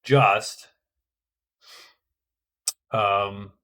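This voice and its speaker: A man's voice: lowish voice, fairly even intonation, very slow, fairly bright tone. A middle-aged man casually narrating his own board game turns, thinking aloud with frequent hesitations and restarts. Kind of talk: casual solo game commentary.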